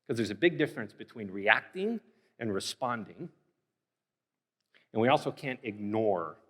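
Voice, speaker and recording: A man in his thirties, a pastor preaching a sermon, telling a personal story in a candid, animated way, full of fillers. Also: medium pitch. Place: church sanctuary. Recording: long reverb of a church hall.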